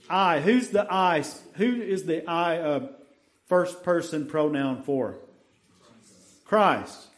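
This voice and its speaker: A man preaching from the pulpit, his voice pitched high and his pace unhurried. He quizzes the room and stretches out key words as he reads scripture aloud. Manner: asks the congregation questions, slow emphatic scripture reading. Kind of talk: sermon.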